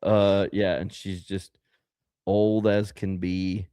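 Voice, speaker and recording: A man's voice: deep voice, level tone, slow, warm tone, clear, resonant tone, dry recording, clean studio sound. A man co-hosting a casual podcast, ranting and rambling with lots of fillers and laughter. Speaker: podcast co-host.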